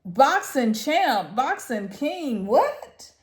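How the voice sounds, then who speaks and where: A woman's voice: high-pitched, very animated, extremely slow. A woman giving casual, exclamatory commentary to camera, often breaking into laughter between phrases. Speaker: vlogger. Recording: echoey room.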